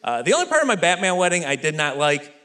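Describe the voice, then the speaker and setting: A man in his thirties doing a stand-up comedy routine, telling energetic, self-deprecating stories on stage. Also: a little high, quick pace. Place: comedy stage with live audience. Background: faint audience laughter and room noise.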